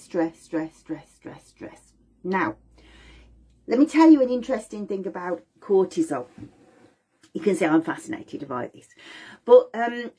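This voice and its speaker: A woman's voice: medium pitch, breathy edge. A middle-aged woman, giving an informal lecture on aromatherapy and acting out little voices as she explains. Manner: animated, acts out voices of mum and baby. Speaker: aromatherapy teacher.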